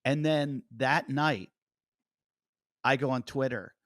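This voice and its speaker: A man chats on a podcast, telling a story and acting out every exchange with the people in it. His pitch sits at an ordinary middle. He is recorded close and dry, with no room sound. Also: slow pace, dry recording. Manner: animated storyteller, acting out quotes. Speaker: comedian and podcast host. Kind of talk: casual podcast chat, storytelling.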